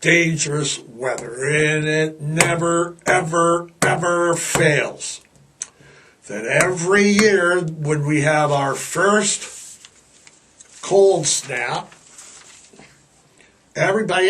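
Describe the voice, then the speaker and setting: A man's voice: fairly high pitch, drawn-out words, pauses often, a bit bright, far from the mic, slight background noise. A man hosting a casual podcast monologue, blunt, rambling and fired-up. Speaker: podcast host.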